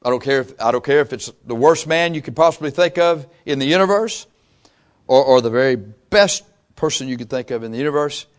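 A man preaching a sermon, impassioned and emphatic, swinging from loud peaks to quiet asides and repeating phrases for emphasis. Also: mid-range voice, expressive, brisk.

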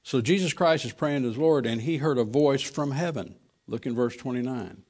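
A man preaching a sermon, reading old scripture verses slowly and then talking them over plainly with fillers and restarts. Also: mid-range voice, a little mellow.

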